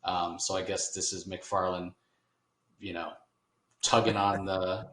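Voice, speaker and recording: Low voiced guy rambling through a comic recap, kinda echoey room. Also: flat delivery, slow, a bit bright. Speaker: podcast host. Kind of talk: casual comic book discussion. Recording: roomy echo.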